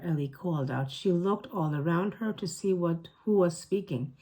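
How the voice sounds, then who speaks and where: A woman reads a children's chapter book aloud in a calm, steady voice. Her tone sits a little low with a slight husky grain. She paces the story like a patient storytime reader. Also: moderate pace, few pauses. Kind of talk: read-aloud narration.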